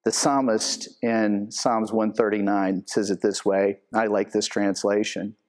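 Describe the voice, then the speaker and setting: A man's voice: fairly low pitch, flat delivery, a little slow, a little mellow. Earnest man giving a devotional. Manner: earnest storytelling, acts out quoted lines. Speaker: church elder. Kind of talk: devotional talk.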